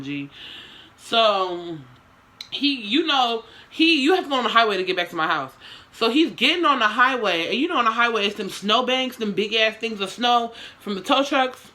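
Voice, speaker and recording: A woman's voice: a little high, pushed and bright. A young woman telling a story to her camera in casual slang, with swearing and lots of dramatic asides.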